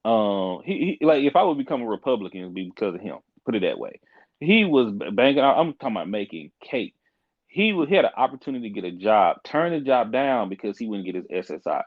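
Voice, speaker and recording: A man's voice: lowish voice, big pitch swings, no echo. Brief: young man, podcast guest, frank emphatic storyteller, muffled dry recording. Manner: frank, emphatic, fast restarts. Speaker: podcast guest, court caseworker. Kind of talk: animated casual storytelling.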